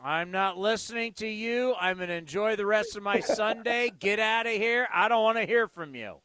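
Bright high-voiced sarcastic radio host man. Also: smooth, no echo. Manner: playful, sarcastic, drawn-out delivery. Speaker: radio talk show host. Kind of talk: sports call-in radio banter.

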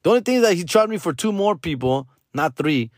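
A middle-aged podcast host tells a story in a lively, slightly fast voice, recorded with studio quality and no echo. His delivery is casual, profane and slangy, sprinkled with Spanish phrases, and he leaps into loud, high mock voices when quoting people.

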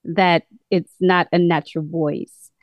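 A woman with a British-sounding accent, a caller giving a measured, earnest testimony on a call-in program. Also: fairly low pitch, steady tone, dry recording, highs cut off. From United States.

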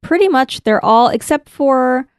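A woman co-hosting a casual podcast chat, relaxed and agreeable, with many "like"s and "yeah"s. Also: high-pitched, measured pace, clear, resonant tone, no echo, studio quality. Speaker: podcast co-host. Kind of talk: casual chat about an anime.

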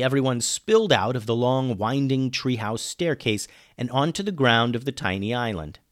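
A man reading a children's adventure story aloud, lively, dropping low and quiet on the narration tags. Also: no echo, studio quality.

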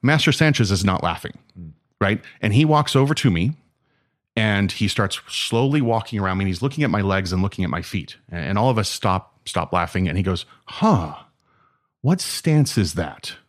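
A man telling martial arts stories in a casual, animated way, acting out dialogue and often asking "right?". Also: fairly low pitch, a little fast. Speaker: martial arts instructor and guest. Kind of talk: casual storytelling.

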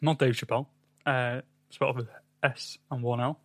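A man's voice: medium pitch, flat delivery, normal speed, no room sound. A man co-hosting a casual music podcast, rambling and hesitant, with lots of ums. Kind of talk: casual chat.

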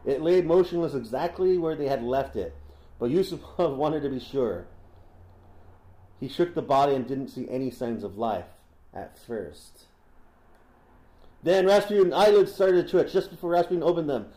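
A man's voice: fairly high pitch, animated, moderate pace, pauses often, warm tone, echoey room, poor audio. A man co-hosting a podcast, reading a story aloud with frequent laughs and stumbles. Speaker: podcast co-host.

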